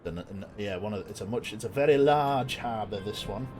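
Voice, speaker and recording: A man's voice: lowish voice, a little fast, darkish tone, soft background music. A man giving casual, jokey commentary while streaming a game, chatting with viewers and swearing now and then.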